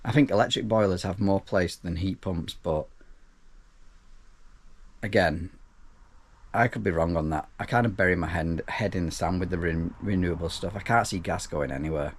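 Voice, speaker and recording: A self-employed plumber with a deep voice answers viewer questions at normal speed in a casual vlog. He's easygoing and rambling, often restarting sentences and tossing in dry asides.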